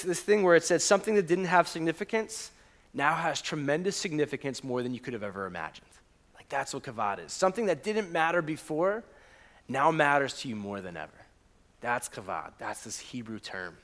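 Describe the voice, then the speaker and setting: A young man preaching a conversational sermon, often asking the congregation questions and reading scripture aloud with feeling. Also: medium pitch. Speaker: pastor.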